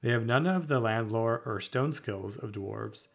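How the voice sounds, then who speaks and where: A man co-hosting a tabletop podcast, reading fantasy lore aloud at a measured, slightly halting pace. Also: medium pitch, vocal fry. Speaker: podcast co-host.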